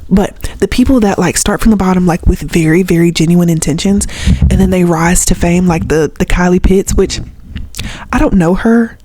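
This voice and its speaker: A young woman with a Southern accent rants straight to camera, blunt and sarcastic, with a mild swear word here and there. Her voice is husky and warm in tone. The recording is close and dry. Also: on the low side, a little fast, no room sound. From Southern United States. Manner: blunt and sarcastic, swears freely, mimics others in mocking voices. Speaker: vlogger. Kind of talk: casual ranting commentary to camera.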